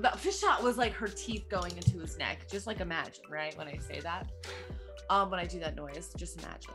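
A woman co-hosting a podcast, recapping a movie in a rambling, animated way with sound effects and quick voices for the characters. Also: on the low side, music in the background. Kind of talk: casual chat.

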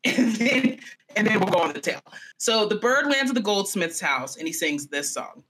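A young adult woman hosting a podcast who tells a dark fairy tale in an animated, profane, chatty way. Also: medium pitch, normal speed, a little hiss or hum. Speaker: podcast host. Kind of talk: comedic storytelling.

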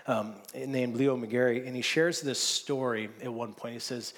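A man's voice: mid-range voice, steady tone, measured pace, a bit bright. A man preaching a sermon, earnest and often restarting his words, rising into emphatic stretches. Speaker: pastor.

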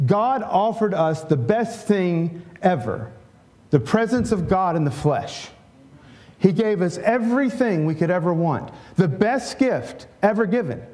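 A man's voice: sits high, a little mellow. A middle-aged male pastor giving a conversational sermon, often checking in with "right?" and leading a prayer.

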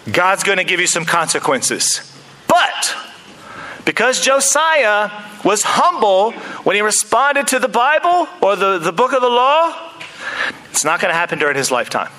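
A male preacher delivering a lively sermon in a church, mixing earnest points with joking asides to the congregation. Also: high voice, moderate pace, poor audio.

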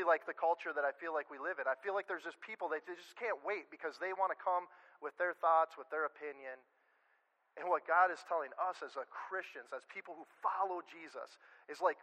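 A man's voice: on the high side, sharp tone. A man preaching a casual, earnest sermon, talking conversationally with many fillers and restarts. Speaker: pastor. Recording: long hall reverb.

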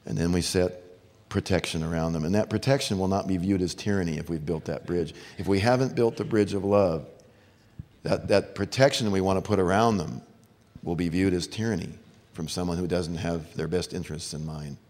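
Speaking to fathers from the pulpit, a middle-aged man delivers an earnest, story-driven sermon, giving the characters their own voices. He sounds deep and somewhat dark, moving a little quickly. The sound carries a long hall echo.

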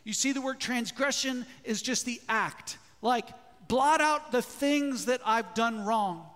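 A man preaching a sermon as a pastor in a church, lively, often putting questions to the congregation. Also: extremely high pitch, takes it slowly. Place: church sanctuary. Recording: long hall reverb.

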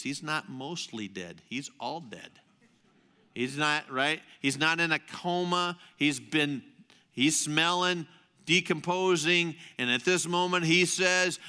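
A male preacher delivers his weekly sermon in an animated storytelling manner. His voice sits high and sounds sharp and very bright. He swings between raised emphasis and quiet, confiding asides. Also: takes it slowly, creaky. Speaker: pastor.

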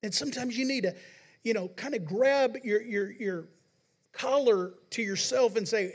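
A man preaching a sermon as pastor of a Pentecostal church, reading scripture dramatically, slowing down and building on the verses. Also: extremely high pitch, slightly rough. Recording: long church hall reverb.

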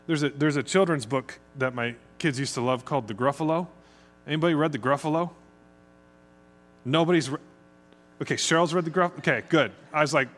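A man's voice: on the high side, brisk, pauses often. A middle-aged man from the United States, preaching a conversational sermon as pastor. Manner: conversational, chatty, speeds up when excited.

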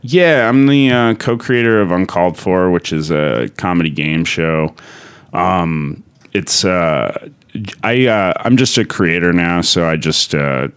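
A man's voice: low voice, unhurried, clean tone. A male comedian guest telling a rambling story in a casual way, swearing a lot and filling with "like". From Denver area. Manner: rambling, heavy swearing, many filler words.

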